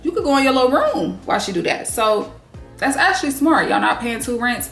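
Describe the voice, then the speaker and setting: A woman's voice: fairly high pitch, a little fast, vocal fry. Woman doing a reality tv recap, swears a lot, echoey room with faint music under it. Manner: blunt, swears freely, animated asides. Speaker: recap vlogger.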